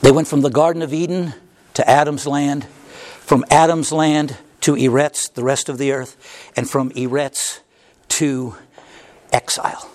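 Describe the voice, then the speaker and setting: A man preaching a sermon, swinging from hushed passages to loud, impassioned cries at the climaxes. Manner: preaching with dramatic swings in pitch, crying out at climaxes. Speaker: pastor.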